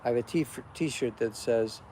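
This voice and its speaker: A man's voice: medium pitch, normal speed, warm tone, slight background noise. A man hosting a casual livestream, ranting bluntly and preachily, swearing often. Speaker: livestream host. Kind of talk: casual unscripted rant.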